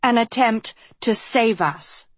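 A fierce young girl hisses and sneers in a raised, biting voice, as a woman puts her on in a storybook. Slow, dry delivery with close mic. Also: fairly high pitch, no room sound, voice pushed up. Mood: scornful. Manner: hissing, cold and scornful.

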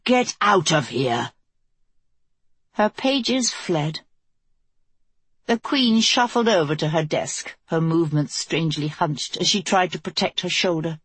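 A woman reading a fantasy novel aloud as the narrator, in a steady, measured way. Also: on the low side, husky, no room sound. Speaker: audiobook narrator.

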